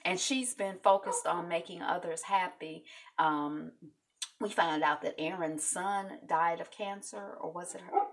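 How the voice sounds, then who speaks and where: A woman hosting a casual video recap of a reality show, chatty and animated, with many fillers. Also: lowish voice, measured pace, creaky, slight background noise.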